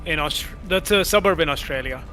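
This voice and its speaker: Bright-voiced man chatting. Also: fairly high pitch, fairly quick, faint music behind. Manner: chatty storyteller, laughs often. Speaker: gaming stream guest. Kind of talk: casual voice chat.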